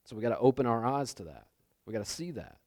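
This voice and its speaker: A man's voice: mid-range voice, sing-song, fast, a little mellow, no room sound, studio quality. A man preaching a sermon in a loose, conversational way, repeating phrases and checking in with his listeners. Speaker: pastor.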